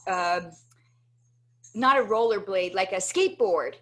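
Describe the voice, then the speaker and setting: A woman guest in an interview, telling a personal story with animated energy and often checking in with "right?". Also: mid-range voice, a little slow. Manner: animated, tags many sentences with "right?". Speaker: interview guest, motivational speaker.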